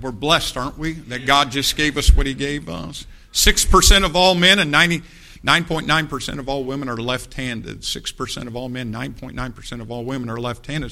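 Man preaching, very bright tone, slightly high voice, folksy, joking. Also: vocal fry. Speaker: pastor. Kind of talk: sermon. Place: church sanctuary. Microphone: church microphone.

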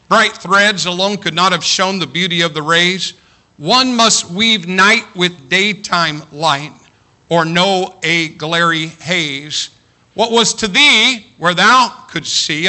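A man's voice: high-pitched, pushed and bright. A man preaching an earnest sermon to his congregation, reciting a poem with rising, fervent emphasis.

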